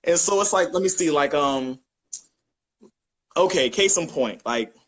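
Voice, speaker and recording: A young man chatting as a podcast guest, telling lively family stories and acting out quotes with laughter. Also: on the high side, measured pace, low-quality recording. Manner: animated storyteller, acts out quotes with laughter. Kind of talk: casual chat.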